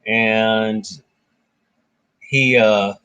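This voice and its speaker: A man's voice: fairly low pitch, drawn-out words, clean tone. A man hosting a casual book discussion, retelling myths in his own words. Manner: animated retelling, voicing characters briefly.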